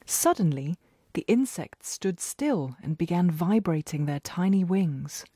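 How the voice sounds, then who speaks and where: A woman gently narrating a children's bedtime story in a slow, expressive way. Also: fairly low pitch, slightly rough, dry recording, studio quality.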